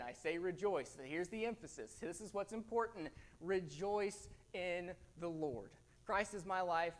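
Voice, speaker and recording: A young man gives a sermon as a guest preacher. His voice sits a little high, and he talks in an earnest, conversational way, doubling words as he works through his points.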